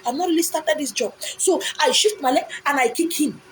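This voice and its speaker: A woman's voice: high-pitched, brisk, a little hiss or hum, poor audio. A Nigerian woman telling a personal story on a live video, dramatic and repetitive, at times blunt and scolding. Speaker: live-stream host.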